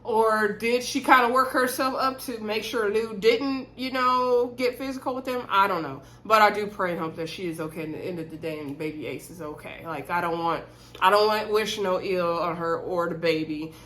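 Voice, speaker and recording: A woman's voice: medium pitch, fairly even intonation, moderate pace, fairly bright tone, slight background noise, poor audio. A woman casually recapping a reality TV episode to camera, retelling the scenes and acting out the cast's lines while talking to her viewers as "y'all".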